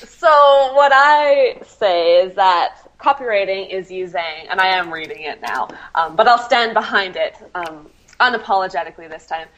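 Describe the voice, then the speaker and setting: A woman's voice: mid-range voice, expressive, moderate pace, fairly bright tone, dull audio. A woman copywriter answering interview questions, laughing often and apologizing for herself, with many ums. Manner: self-deprecating, laughs often, many fillers.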